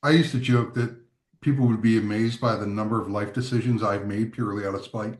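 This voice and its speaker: A man's voice: on the low side, fairly even intonation, a little fast, reverberant. A man talking as a guest on a group talk show, wry and self-mocking. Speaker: guest photographer. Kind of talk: casual group chat.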